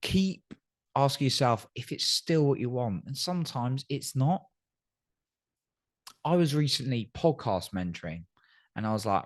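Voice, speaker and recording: Guy doing a motivational podcast solo, lowish voice, earnest, keeps saying right. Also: moderate pace. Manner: earnest, coaching, says "right?" often. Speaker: podcast host.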